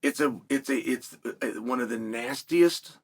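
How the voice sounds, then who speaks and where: A man's voice: mid-range voice, unhurried. A man hosting a solo sports commentary, talking emphatically and building his points through repetition.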